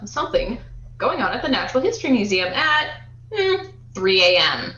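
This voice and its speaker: A woman player in a tabletop game, talking in a relaxed, wry way. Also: medium pitch, moderate pace. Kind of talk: casual tabletop play. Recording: roomy, dull mic.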